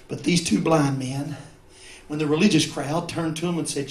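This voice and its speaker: In the echo of a large church sanctuary, a male pastor preaches fervently at a moderate pace, his voice high and ringing. He swings from shouted peaks down to low, confiding asides.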